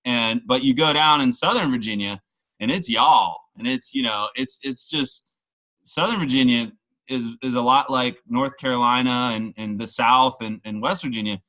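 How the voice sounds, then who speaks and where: Bright-voiced rambling man. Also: medium pitch, normal speed, poor audio. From Washington, D.C. area. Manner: rambling, self-mocking, animated asides. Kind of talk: casual tipsy chat.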